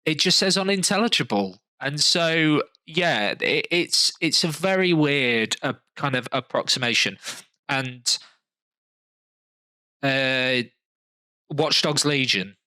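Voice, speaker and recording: A man's voice: mid-range voice, takes it slowly, long pauses, bright, forceful tone, no echo, low-quality recording. A man from London with a London accent, hosting a podcast in casual chat, rambling with restarts and fillers. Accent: London English. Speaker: podcast host.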